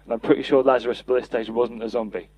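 A man's voice: mid-range voice, steady tone, fast talker, a little mellow, husky, dry recording, poor audio. A man preaching a sermon, earnest, reading and acting out scripture quotes for a podcast. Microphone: podcast mic.

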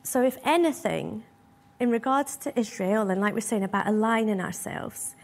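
A woman's voice: fairly high pitch, normal speed, gravelly. A woman preaching a sermon in a church hall, earnest and emotional, asking her listeners many rhetorical questions.

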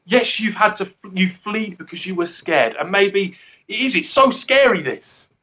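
A man's voice: high-pitched, lively intonation, normal speed, pushed and bright, highs cut off. Earnest man giving a rambling devotional. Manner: earnest, rambling, laughs at himself. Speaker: guest speaker. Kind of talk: informal devotional talk.

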